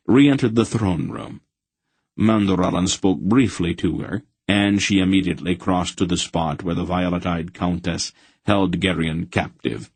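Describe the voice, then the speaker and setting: A man reading a fantasy audiobook with steady, measured storytelling. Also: low-pitched, husky, dry recording. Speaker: audiobook narrator. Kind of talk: scripted fantasy narration.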